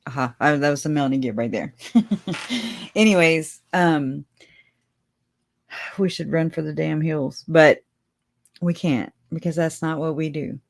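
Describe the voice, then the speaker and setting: A woman hosts a casual livestream, rambling and chatting, laughing often, and addressing her viewers directly. Her voice sits low and creaky, unhurried, with long pauses.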